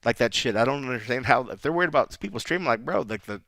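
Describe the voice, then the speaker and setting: A man's voice: mid-range voice, expressive, rapid-fire, fairly bright tone, dry recording. A man co-hosting a podcast, talking casually in rambling sentences and laughing often. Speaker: podcast co-host. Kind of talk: casual chat.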